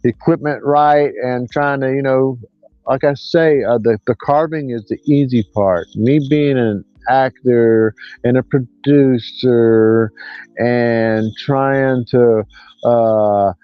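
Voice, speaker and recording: A man's voice: mid-range voice, fairly even intonation, takes it slowly, clean tone, dry recording. Rambling older man, lo-fi. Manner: rambling, drawn out, folksy. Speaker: livestream host. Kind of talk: casual livestream chat. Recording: dull lo-fi dry sound.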